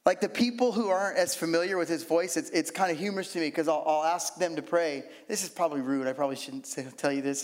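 A preacher delivers a sermon with lively, conversational energy, tossing in humorous asides. His voice sits a little high for a man. The sound rings with the long reverb of a big hall. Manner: animated, humorous asides, mimics prayers.

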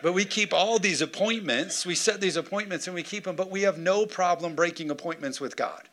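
A man pastor preaching a sermon in a church, lively and joking, calling on the congregation for amens. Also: high-pitched, fairly quick. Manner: lively preaching with jokes and call-and-response. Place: church sanctuary.

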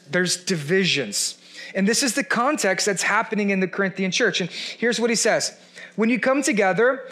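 Guy pastor w a high voice, chatty sermon, jokey and sarcastic, lots of "right?". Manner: animated, conversational, playfully sarcastic.

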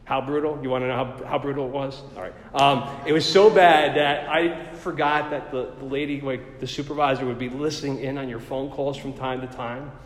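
A man's voice: mid-range voice, steady tone, normal speed, few pauses. A middle-aged man telling a personal faith story in a chatty, self-deprecating way, full of fillers. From New Jersey. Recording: roomy with long reverb.

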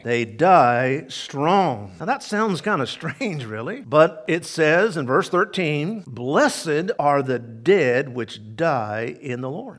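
Animated preaching man, lively pitch. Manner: emphatic preaching with repeated phrases and chuckles. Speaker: pastor. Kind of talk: sermon.

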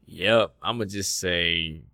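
A man in a casual movie-quote quiz chat, swearing, laughing often and quickly excited. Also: low voice. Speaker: quiz player.

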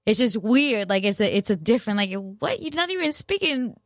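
A woman's voice: a little high, expressive, moderate pace, no echo, studio quality. A young woman chatting casually to her viewers, rambling and self-mocking, full of slang and restarts. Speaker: vlogger. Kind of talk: casual chat to camera.

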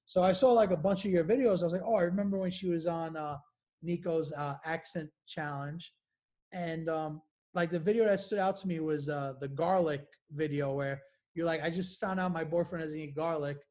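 A woman's voice: sits low, steady tone, moderate pace, a little mellow. A woman hosting a podcast, asking questions casually with hesitations and filler words. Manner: casual, hesitant, uses like and you know. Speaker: podcast host.

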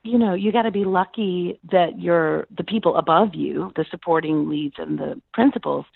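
Guest actress, middle-aged woman, gravelly edges, tinny phone-line sound, animated storyteller. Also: normal speed, no room sound. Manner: animated, acts out quoted dialogue with big pitch jumps. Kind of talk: conversational interview storytelling.

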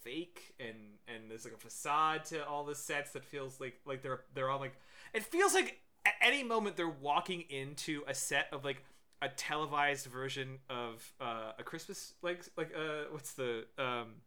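A man's voice: mid-range voice, expressive, normal speed, bright, forceful tone. A man co-hosting a podcast, rambling in casual chat while reviewing a film, with many fillers. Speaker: podcast co-host.

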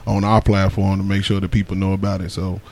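A man's voice: low-pitched, monotone, quick pace, creaky, darkish tone. A man hosting a radio talk show, mostly affirming his guest and speaking in a casual way. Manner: affirming, agreeable backchannels.

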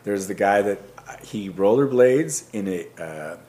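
A man with a lowish voice in relaxed podcast conversation. He talks easily, laughs along with the others, and drops in quick asides. A faint layer of room noise runs under his voice. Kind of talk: casual podcast chat.

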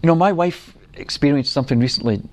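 A middle-aged man preaching a sermon, earnest and unhurried, telling stories and acting out quotes. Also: a little high, darkish tone.

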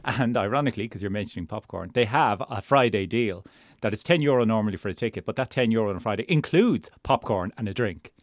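A man's voice: lowish voice, expressive, fast, no echo, studio quality. A man chatting casually as a podcast co-host, rambling in asides and restarts. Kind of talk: casual chat.

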